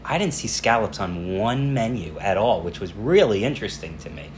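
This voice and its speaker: In a relaxed podcast conversation, a deep-voiced male co-host spins unhurried stories and breaks into short acted-out exchanges. There's a slight hiss under the audio.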